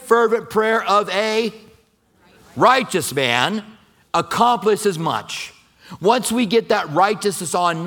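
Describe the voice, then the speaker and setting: High-voiced man preaching. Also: fairly bright tone. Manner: conversational preaching with acted-out quotes. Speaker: pastor. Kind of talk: sermon.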